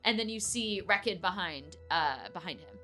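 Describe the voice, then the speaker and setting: A woman's voice: on the low side, expressive, normal speed, sharp tone, soft background music. A woman narrating a tabletop game as game master, playful and laughing often.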